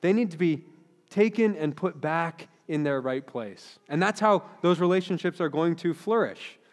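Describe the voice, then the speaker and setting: A man's voice: a little high, expressive, normal speed. A man in his thirties, a pastor giving an earnest, conversational sermon with frequent restarts. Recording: long hall reverb.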